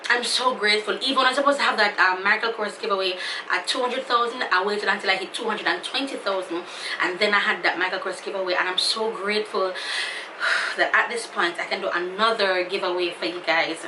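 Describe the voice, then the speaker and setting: A woman's voice: mid-range voice, brisk, recorded from a distance, noisy background. A woman with a Jamaican accent talking to her viewers in a casual, emotional, effusive vlog. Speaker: YouTuber. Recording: echoey room, somewhat off-mic.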